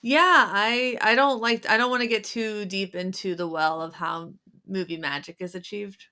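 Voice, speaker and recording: A woman co-hosting a music podcast in casual chat, frank and quick to laugh, giving blunt advice. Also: medium pitch, steady tone, pushed and bright, clean tone. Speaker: podcast co-host.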